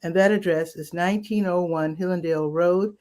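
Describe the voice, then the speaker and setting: A woman's voice: fairly low pitch, steady tone, brisk, darkish tone. A woman hosting a casual rundown of local weekend events, chatty and upbeat with asides, her voice cracking now and then. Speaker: community events host.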